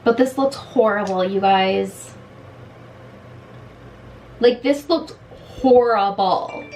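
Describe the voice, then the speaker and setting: A woman's voice: mid-range voice, takes it slowly, darkish tone, a little hiss or hum, rough recording. A woman in her late thirties doing a casual makeup review at home in her bedroom, talking frustrated and blunt. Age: late 30s. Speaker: beauty vlogger.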